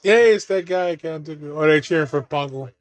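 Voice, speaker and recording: A man's voice: a little high, fairly quick, no echo. A man giving casual watch-along commentary on a movie, laughing often and swearing freely as he riffs jokes.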